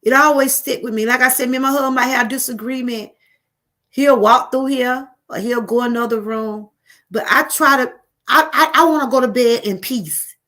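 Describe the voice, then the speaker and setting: Livestream host, middle-aged Southern woman, slightly high voice, loose rambling talk that circles back to its point. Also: normal speed, bright, forceful tone. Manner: rambling, repetitive, addresses viewers as y'all. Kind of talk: casual live-stream chat.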